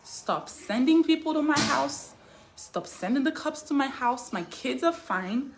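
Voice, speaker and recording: A woman speaks out as a mother in an emotional statement, hammering the same lines again and again. Her voice sits a little high and rises into loud anger. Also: animated, unhurried, noisy background. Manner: emphatic and repetitive, building to raised anger. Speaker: mother speaking out in a posted video.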